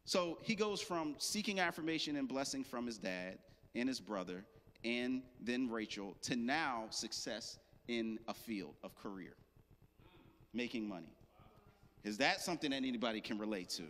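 A man's voice: mid-range voice, expressive, moderate pace, fairly bright tone. A man preaching a sermon as pastor, casual and joking with slang asides. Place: church. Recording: long hall reverb.

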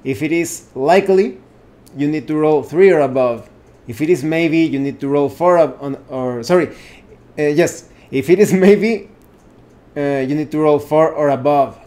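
Higher-voiced man explaining at an easy pace. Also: mellow. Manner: unhurried, improvising with frequent self-corrections. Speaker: channel host explaining solo tabletop games. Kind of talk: casual explanatory talk.

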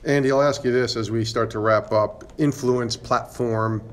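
A male podcast host asking halting, searching interview questions. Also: medium pitch, fairly even intonation.

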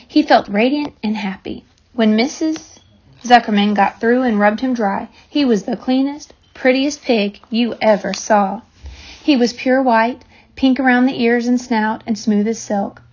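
On a dull, lo-fi recording, a female reader with a somewhat high voice narrates a children's novel at a steady storytelling pace.

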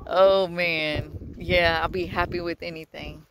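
Breathless woman, slow and earnest, faith vlog recorded on a phone outdoors with wind noise. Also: lowish voice. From Texas. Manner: slow, earnest, with frequent laughs and pauses. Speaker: vlogger. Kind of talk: casual religious vlog. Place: outdoors by the water at sunset.

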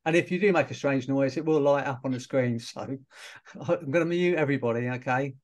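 A man's voice: medium pitch, brisk. A man, a hypnotherapist and trainer, talking casually to an online audience over a video call, with fillers and small laughs.

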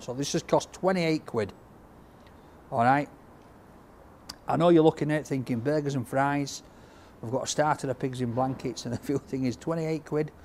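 A man's voice: on the high side, a little hiss or hum. A man doing a chatty, jokey takeaway review in a cold outdoor makeshift greenhouse. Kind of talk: casual food review.

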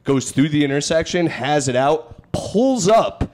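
A man's voice: a little high, lively intonation, unhurried, a little mellow. A man hosting a podcast, telling stories in a rambling, profane, casual way. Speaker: podcast host. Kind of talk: casual storytelling chat.

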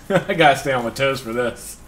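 A young man giving casual, excitable gameplay commentary, swearing often and laughing at himself. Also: medium pitch, slight background noise. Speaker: gaming channel host.

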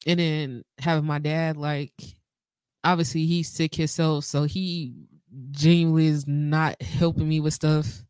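A woman co-hosting a podcast, talking haltingly and emotionally in a casual heartfelt conversation. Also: deep voice, little pitch movement, darkish tone, clean tone, no echo. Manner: halting, emotional, fillers and restarts. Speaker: podcast co-host.

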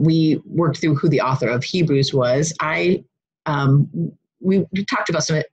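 A woman's voice: very deep voice, darkish tone, breathy edge, poor audio. Chatty woman teaching a Bible study. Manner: chatty, self-interrupting, laughs at herself. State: runny nose. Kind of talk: casual recorded Bible lesson.

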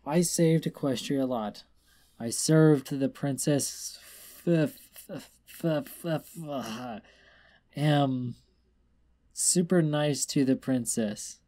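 A man reading aloud and voicing a tipsy, weepy young female pony, raising his voice higher for her. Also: very slow, mellow. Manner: slurred, self-pitying, stammering.

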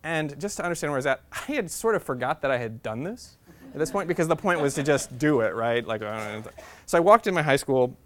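A man's voice: fairly high pitch, lively intonation, brisk, fairly bright tone, a little hiss or hum. A man in his thirties giving a humorous, self-deprecating talk as a guest speaker in a university classroom. He is chatty and leans on "like" as a filler. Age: 30s. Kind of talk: humorous personal storytelling talk.

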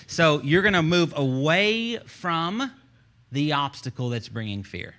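A man with a Texan accent, a church pastor preaching a sermon from the stage in an animated, joking, conversational way. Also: fairly high pitch, moderate pace.

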